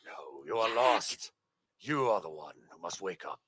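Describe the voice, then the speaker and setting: A man voicing a cold, commanding male being who holds others under mind control in a tabletop game, slow and ominous. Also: sits low, animated, fairly bright tone, husky, dry recording, clean studio sound, full character voice.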